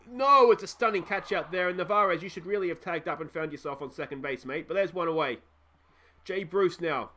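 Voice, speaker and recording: A young Australian man giving casual, excitable play-by-play commentary on a baseball video game, joking at his own expense and talking to his viewers. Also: fairly high pitch. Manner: excitable, self-deprecating, talks to viewers.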